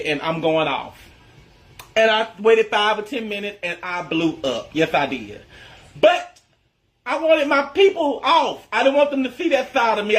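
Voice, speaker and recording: High-voiced man telling a story. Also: fairly bright tone. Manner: chatty, emphatic, addresses listeners as y'all. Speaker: social media content creator. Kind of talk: casual storytelling to followers.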